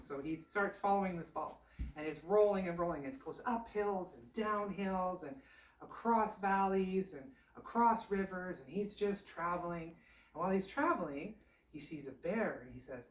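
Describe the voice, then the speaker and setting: A woman telling a folk tale in a chatty, animated, casual way. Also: on the low side, moderate pace. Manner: chatty, animated, laughs often. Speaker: storyteller. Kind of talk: casual oral storytelling. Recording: roomy, distant mic.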